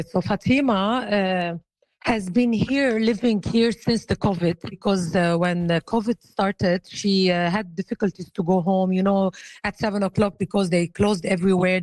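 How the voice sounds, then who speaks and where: A middle-aged Lebanese woman with an accent, speaking English as a second language to an interviewer over the phone, halting, with many restarts. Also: on the low side, a little mellow, no echo, poor audio. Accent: Lebanese Arabic. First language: Arabic. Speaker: interviewee, hotel owner.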